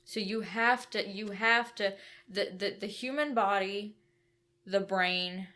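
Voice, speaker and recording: A woman's voice: medium pitch, takes it slowly, bright, forceful tone. A woman co-hosting a podcast, explaining a book's ideas step by step and checking in with "right?" as she goes. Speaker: podcast co-host. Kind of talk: conversational book discussion.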